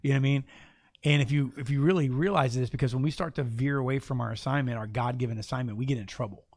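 A man hosting a casual faith talk, preaching with animated, playful asides. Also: medium pitch, quick pace, no echo, clean studio sound. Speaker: podcast host and preacher.

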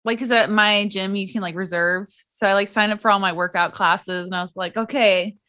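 A young woman chatting with a friend in an easygoing way, often laughing. Her voice is bright and sharp and sits at a middle pitch. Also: steady tone, brisk. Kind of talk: casual chat.

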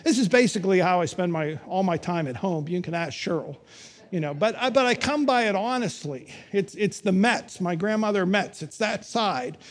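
A middle-aged man preaching a sermon, telling stories with wry humor and emphatic pauses. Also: high voice, expressive. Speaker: pastor.

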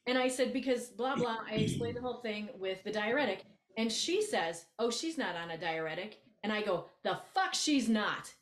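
A woman co-hosting a podcast, telling a story in casual chat, blunt and animated, acting out both sides of a conversation. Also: a little high, fairly quick, few pauses, reverberant. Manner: animated, blunt, acts out quoted exchanges. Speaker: podcast co-host, coach.

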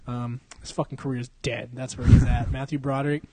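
Hosting a podcast in a dry recording, this young man has a warm, medium-pitched, level voice and a fairly quick pace. The conversation is casual and crude, and he jokes around, laughs often and swears plenty.

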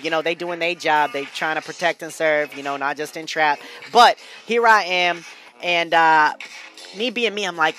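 Animated, bright-voiced male podcast host. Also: a little high, normal speed. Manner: animated, slangy, laughing often, loud bursts. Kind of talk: casual storytelling monologue.

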